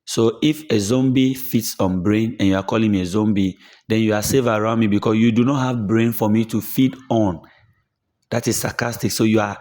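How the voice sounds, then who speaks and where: A man's voice: medium pitch, a little mellow. A middle-aged man teaching literature in a plain explaining manner, repeating his points and acting out example quotes. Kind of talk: explanatory lesson.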